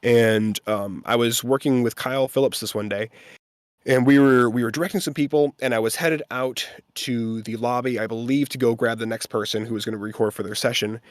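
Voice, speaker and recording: Man, voice actor guest, animated storytelling, acts out quoted voices, dry close sound. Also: medium pitch, a little fast, no echo. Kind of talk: casual storytelling.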